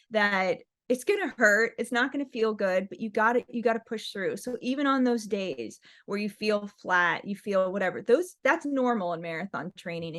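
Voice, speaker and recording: Woman in her thirties, interview guest, earnest encouraging pep talk, chatty fillers, mid pitch. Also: a bit bright. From United States. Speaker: guest, pro marathon runner. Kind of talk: casual interview answer.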